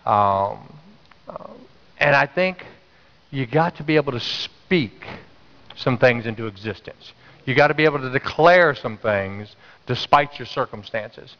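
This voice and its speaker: A man preaches a Sunday sermon in a big church hall, and his voice trails off in a long echo. He sits in the middle of the range in pitch and talks casually. He tells everyday stories and keeps urging the congregation to say things back. The recording sounds a bit dull. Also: animated, unhurried, fairly bright tone. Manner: conversational storytelling, urging the congregation to respond. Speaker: pastor. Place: church sanctuary.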